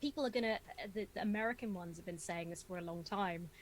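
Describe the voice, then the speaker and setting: A woman's voice: on the low side, fast, slight background noise, low-quality recording. A woman from England, a guest on a casual call, who jokes sarcastically and laughs often. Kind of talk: casual conversation.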